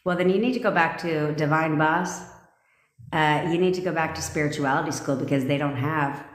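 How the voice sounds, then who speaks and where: A woman coach hosts a live stream in a brash, bossy, swearing way, firing out commands and answering viewers' comments. Her voice sits a little low. The room is echoey, with a long reverb tail behind her. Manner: reads live comments aloud. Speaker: manifestation coach.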